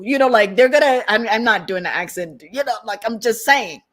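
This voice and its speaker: A tarot reader on a streaming setup gives a casual collective reading, rambling, laughing often and trailing off as she searches for words. Her mid-range voice is expressive and brisk, with few pauses.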